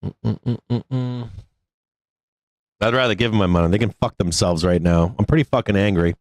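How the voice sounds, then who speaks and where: A man with a low voice hosts a live trading stream, talking fast as he vents angrily and swears over a lost trade, with bursts of laughter. The recording is dry.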